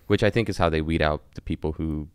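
A man's voice: extremely low pitch, fast talker, darkish tone, clean tone, no room sound, clean studio sound. A man talking candidly in a casual conversation, swearing freely and rambling in bursts.

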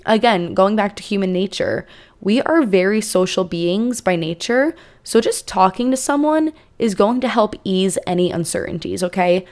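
A woman's voice: mid-range voice, moderate pace, a little mellow. A young woman talks through advice on her own podcast in a loose, chatty way. She fills the gaps with easy asides and casual fillers, as if talking to a friend. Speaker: podcast host.

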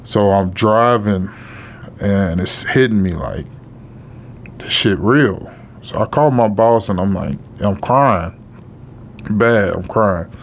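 A middle-aged man with a low voice tells a personal story slowly, pausing often and leaning on fillers. His talk is blunt and sprinkled with casual swearing. A faint noise sits under the recording. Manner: halting, with frequent pauses and fillers. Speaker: podcast co-host.

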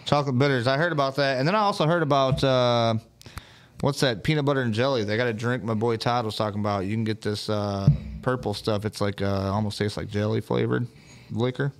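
A man's voice: medium pitch, fairly even intonation, brisk, clean tone. A man co-hosting a live-stream podcast, chatting loosely and swearing in casual banter. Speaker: podcast co-host.

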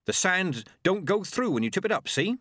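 A man's voice: high-pitched, very animated, normal speed, no room sound, studio quality, pitched above the performer's own voice, exaggerated voice. A man doing a feisty old country witch woman. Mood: chatty. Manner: folksy rustic grammar, sharp and feisty.

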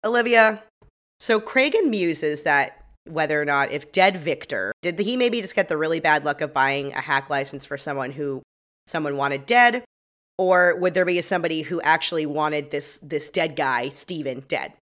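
A woman with a fairly low voice chats casually as a podcast co-host. She recaps a crime show with animated energy, breaking into laughs and playing out the characters' lines. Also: normal speed.

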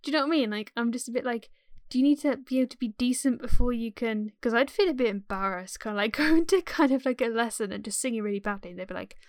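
A woman's voice: on the high side, fast, dry recording, clean studio sound. A young woman from England with a light English accent, chatting as a guest, hesitant and full of likes and trailing sentences. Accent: English, softened West Midlands. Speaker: guest, aspiring performer. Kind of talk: casual chat.

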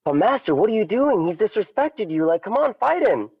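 Man doing excited young kung fu students, higher and protesting, muffled lo-fi sound. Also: brisk, husky, full character voice. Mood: indignant. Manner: protesting, eager. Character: excited young male martial arts students. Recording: dull lo-fi audio.

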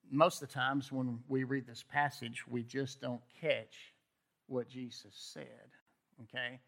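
A man's voice: medium pitch, creaky, fairly bright tone. A man preaching a sermon in a conversational way, often checking in with "okay?" and restarting his words. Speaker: pastor.

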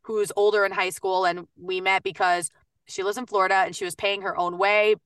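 A woman voice actor and coach talking in a casual podcast interview, chatty and upbeat with quick bursts and lots of fillers. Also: medium pitch, little pitch movement, a bit bright, clean tone, dry recording, studio quality, distant mic.

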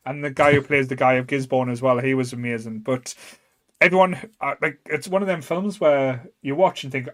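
A man's voice: mid-range voice, fairly even intonation, a little fast, fairly bright tone. A man with a Northern English accent co-hosting a casual podcast chat, rambling and hesitant as he talks. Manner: rambling, hesitant, lots of fillers and restarts. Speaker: podcast co-host.

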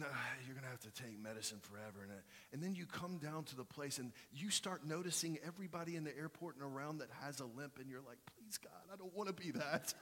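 A pastor in his thirties preaches with a slightly high voice, turning his sermon into a chatty personal story with self-mocking humor. His voice rings out through a large church hall with long reverb. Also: a bit bright. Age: 30s.

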